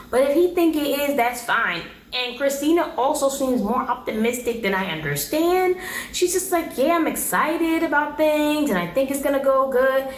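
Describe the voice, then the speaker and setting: A woman's voice: on the high side, a bit bright, a little hiss or hum. A woman chatting casually as she recaps a reality show, gossiping and acting out what the people said. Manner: chatty, gossipy, acts out quotes. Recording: echoey room.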